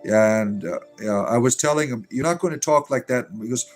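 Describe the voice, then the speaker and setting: A man's voice: mid-range voice, a little fast. A man hosting a casual livestream, reading chat aloud and talking in an irreverent, profane, rambling way with lots of fillers, sometimes drifting away from the mic. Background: faint music.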